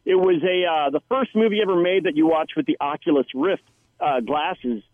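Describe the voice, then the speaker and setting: A man, an actor guest, tells stories in a chatty, rambling way. His voice sits a little high for a man. It comes through a dry, tinny phone line. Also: moderate pace, no echo. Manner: chatty storyteller with many restarts. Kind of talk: casual interview anecdote.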